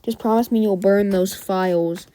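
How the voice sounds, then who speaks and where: A woman reading the lines of an aging, worried male police commissioner in a halting, fearful way. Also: medium pitch, fairly even intonation, warm tone, a little hiss or hum, pitched below the performer's own voice, lightly acted.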